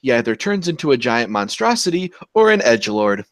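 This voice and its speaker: This podcast host talks fairly quickly, with no echo, as he shares lively anecdotes in a laid-back conversation. He curses casually, and his pitch jumps on each punchline.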